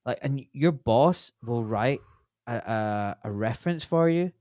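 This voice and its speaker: A man in his forties talks as a doctor on a casual podcast. He tells his stories bluntly and with energy, swearing without a second thought. His mid-pitched voice sits close and dry on the mic. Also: unhurried, dry recording. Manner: blunt, animated storyteller who swears freely.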